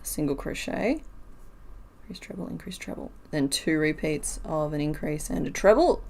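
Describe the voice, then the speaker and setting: A woman's voice: deep voice, expressive, normal speed, vocal fry, mellow. A woman streaming while she crochets, talking casually, counting stitches aloud and answering her chat.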